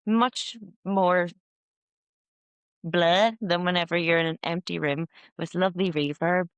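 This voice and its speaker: A woman's voice: on the low side, measured pace, clean tone, no echo. A woman, a singer guesting on a podcast, telling stories in casual talk and acting out her own reactions. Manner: lively, animated storytelling with acted-out exclamations. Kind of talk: casual conversation.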